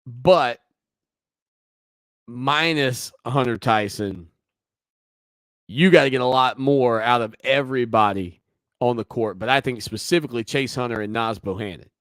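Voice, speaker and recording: A man's voice: medium pitch, a little slow, pauses often, fairly bright tone, dry recording, clean studio sound. A man hosting a sports talk radio show, talking through the news in a conversational, opinionated way with teasing asides.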